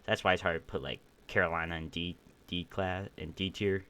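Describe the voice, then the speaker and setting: Young man, low voice, groggy, rambling opinionated stream host. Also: steady tone, a little fast, a bit bright, smooth. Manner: rambling, opinionated, many restarts. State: groggy, burping. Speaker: podcast host ranking football teams. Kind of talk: casual solo stream commentary.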